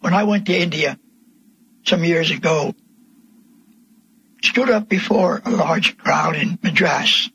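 An older man preaching a sermon, telling his testimony slowly and emphatically, with voice rising into cries. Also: fairly high pitch, gravelly, a bit bright, slightly rough, rough recording. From Pennsylvania, USA.

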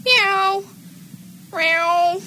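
A woman voicing a woman who has been turned into a house cat, meowing high and long for an amateur audio drama. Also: extremely slow, sharp tone, heavily acted. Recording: noisy background.

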